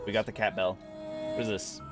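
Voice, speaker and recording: A man's voice: on the low side, level tone, brisk. A man streaming a game, chatting casually with his viewers with lots of fillers. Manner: chatty, talks to chat, frequent fillers. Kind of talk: casual gameplay commentary. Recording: game music playing behind.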